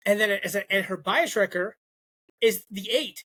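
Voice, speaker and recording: A young man co-hosting a casual podcast, telling a long story with a bright, clear voice. He jumps into the voices of the people he quotes and keeps the chat loose. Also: high voice, a little slow. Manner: animated, acts out quoted voices. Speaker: podcast co-host.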